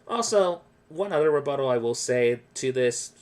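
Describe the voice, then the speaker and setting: A man's voice: medium pitch, animated, normal speed. A man casually explaining card game strategy tips in a rambling, explanatory way. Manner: explanatory, rambling with restarts and quoted asides. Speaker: gaming video creator. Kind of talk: casual gameplay tips commentary.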